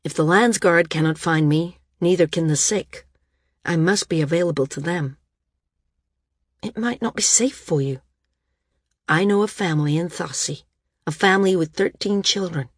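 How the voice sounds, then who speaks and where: Female narrator doing a calm male healer for an audiobook, husky tone, dry close sound. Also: on the low side, normal speed, long pauses, no room sound, lightly acted. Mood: earnest, firm. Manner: firm, calm and earnest. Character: gentle, steady male healer, young adult.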